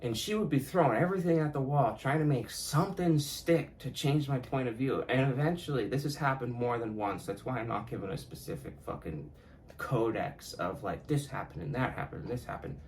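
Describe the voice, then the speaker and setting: A man's voice: medium pitch, fairly quick, vocal fry, a little mellow, a little hiss or hum, poor audio. A young man hosting his own podcast, talking alone in a casual, reflective way, swearing freely and often laughing. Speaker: podcast host. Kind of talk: casual solo monologue.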